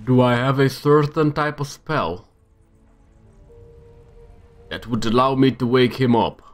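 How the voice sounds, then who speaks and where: A man's voice: medium pitch, a little slow, faint music behind. A young man casually commenting on his own gameplay, talking to himself with exasperated outbursts. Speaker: gamer. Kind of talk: let's-play commentary.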